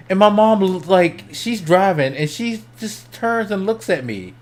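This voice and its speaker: A young adult man streaming, telling a story casually, swearing freely and laughing as he goes, his voice jumping up when he gets excited. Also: high voice, unhurried, hardly any pauses. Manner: laughs between lines.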